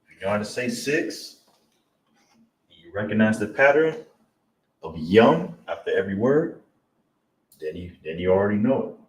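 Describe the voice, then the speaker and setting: A man teaching a live-streamed lesson, drilling pronunciation slowly and checking in with viewers as he goes. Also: fairly low pitch, very animated, reverberant, far from the mic, low-quality recording. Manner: slow, drawn-out pronunciation drills with repeated check-ins.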